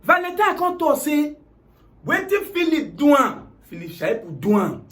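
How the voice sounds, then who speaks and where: A man with a Nigerian Pidgin accent, retelling a story comically in an animated, dramatic way. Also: extremely high pitch, normal speed.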